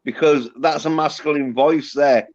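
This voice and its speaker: A man's voice: fairly high pitch, steady tone, measured pace, muffled recording, crowd noise. A man hosting a livestream, blunt and heavily profane in casual chat. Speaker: livestream host.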